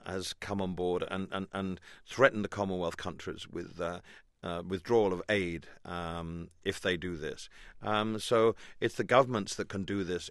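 Low-voiced hesitant male guest. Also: fairly bright tone, dry recording, clean studio sound. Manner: hesitant, many ums and restarts. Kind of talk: radio interview.

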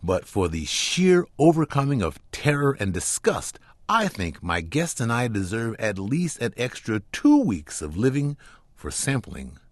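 A man giving a scripted, humorous radio commentary in a wry, deadpan storytelling manner. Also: mid-range voice, unhurried, no echo, clean studio sound. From Chicago.

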